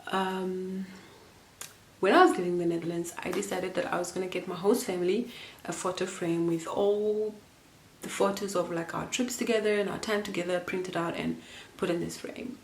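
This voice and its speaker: A woman's voice: fairly low pitch, steady tone, normal speed, echoey room, slight background noise. A young woman from Namibia telling a personal story to camera in a casual, rambling and emotional way, with many fillers and restarts. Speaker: vlogger.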